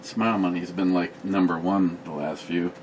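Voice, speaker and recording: A man's voice: low-pitched, moderate pace, far from the mic, very noisy. A man co-hosting a casual home beer-review show, telling stories with crude jokes. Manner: crude joking, animated storytelling. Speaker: co-host of a beer review channel. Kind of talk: casual banter.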